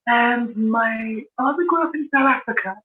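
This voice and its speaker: A woman's voice: a little high, moderate pace. A woman from London with a British accent, a podcast guest talking about her life in a matter-of-fact way. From London, England. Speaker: guest, author. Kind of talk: casual interview chat. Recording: tinny phone-like line.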